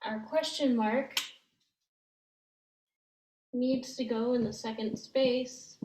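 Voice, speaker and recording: Slow, patient woman teaching a language. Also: a little high, fairly even intonation, reverberant, poor audio. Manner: gentle, explains step by step with frequent ums.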